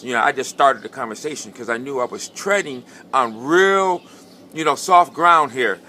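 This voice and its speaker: A middle-aged man sharing a personal testimony in a conversational way, repeating phrases for emphasis and building to fervent high points. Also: normal speed, bright, forceful tone, a little hiss or hum.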